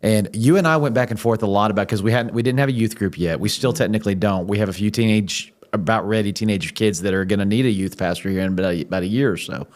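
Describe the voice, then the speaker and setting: A man's voice: fairly low pitch, quick pace, hardly any pauses. A man hosting a church podcast, asking his guest questions in a rambling, encouraging way with many restarts. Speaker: podcast host and campus pastor. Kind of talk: conversational interview.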